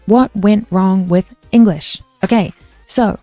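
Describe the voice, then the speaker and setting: A woman's voice: fairly low pitch, a little slow, mellow, dry recording, faint music behind. A young woman streaming, rambling through a casual linguistics rant with lots of fillers and restarts while answering chat.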